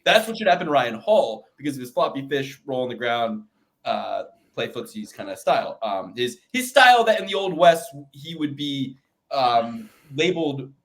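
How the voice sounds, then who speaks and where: A man's voice: mid-range voice, normal speed. Young guy on a fight podcast, goofy and swearing, voice bouncing all over. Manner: animated, joking, swears, does mock voices. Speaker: podcast co-host. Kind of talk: casual chat, fight picks.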